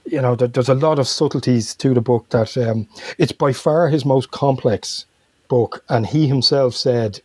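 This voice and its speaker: Man rambling warmly about books. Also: medium pitch, normal speed, husky, no echo. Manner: rambling, self-correcting, chuckles often. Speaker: podcast guest. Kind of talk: casual podcast chat.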